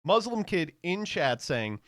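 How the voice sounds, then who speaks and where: A man's voice: sits high, sing-song, a little slow, a bit bright, no room sound, studio quality. A man streaming casual reaction commentary, swearing freely, mocking the clip and laughing often.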